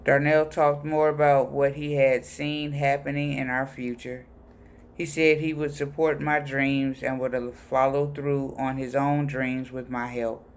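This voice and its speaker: A man reading personal letters aloud in a plain, unhurried voice. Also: mid-range voice, little pitch movement, a little hiss or hum. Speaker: reader of letters.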